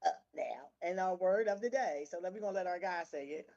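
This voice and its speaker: A woman's voice: on the low side, fairly quick, creaky, warm tone, lo-fi sound. A woman co-hosting an internet radio show, chatting casually, laughing and swearing freely as she reads out a word of the day. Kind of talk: casual banter.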